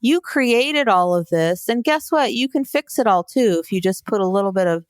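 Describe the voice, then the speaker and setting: A woman's voice: mid-range voice, lively intonation, normal speed, dry recording, studio quality. Exasperated woman podcast co-host. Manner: exasperated, sarcastic. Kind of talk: casual chat.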